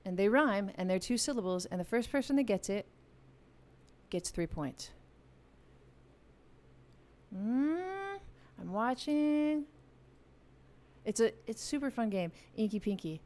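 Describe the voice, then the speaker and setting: A woman's voice: mid-range voice, a little fast, a little mellow. Chatty woman hosting a live game. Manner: chatty, playful, explains rules to viewers. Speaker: music channel host running a live game. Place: home music room with a piano. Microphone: studio vocal mic.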